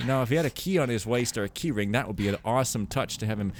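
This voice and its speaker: A man's voice: medium pitch, fairly quick, hardly any pauses, darkish tone. A man giving casual, rambling commentary over a video game, joking and mocking himself as he plays. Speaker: Let's Play commentator.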